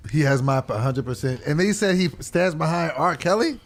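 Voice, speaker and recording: A male comedian co-hosting a podcast, playful and expressive in casual trash-talking banter. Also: on the high side, moderate pace. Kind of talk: casual chat.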